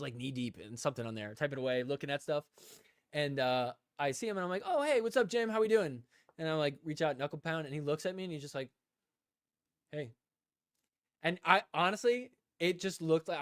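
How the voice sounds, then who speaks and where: A man hosting a casual podcast live stream, telling a rambling story and acting out both sides of the conversation, breaking into loud laughter. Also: a little high, quick pace, no room sound, studio quality. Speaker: podcast host.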